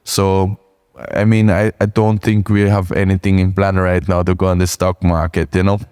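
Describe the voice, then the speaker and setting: A middle-aged man with an Austrian accent speaks in a low, even voice with little rise and fall. His tone is clear and smooth. He talks in short phrases, often checking in with "right?". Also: normal speed. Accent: Austrian German. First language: German. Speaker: invited speaker, farmer. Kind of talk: answering audience questions on stage.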